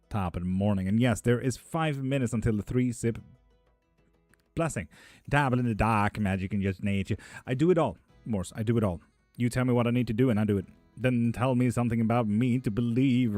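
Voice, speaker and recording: Male streamer, low-ish voice, relaxed profane banter with viewers, frequent laughs, soft music bed. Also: no room sound. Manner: profane, laughs often, loose and joking. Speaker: live stream host reading chat questions. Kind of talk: casual live-stream chat. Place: indoor room with a fan running.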